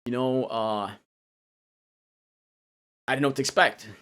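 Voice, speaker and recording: A young man telling his own story in a loose, halting way, full of restarts and casual slang. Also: medium pitch, steady tone, a bit bright, smooth. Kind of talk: personal storytelling.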